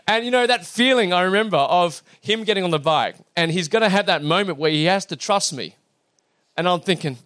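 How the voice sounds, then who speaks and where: A man with a high voice tells a story to a live audience, speaking a little fast. He's animated, acting out dialogue, with plenty of fillers and restarts.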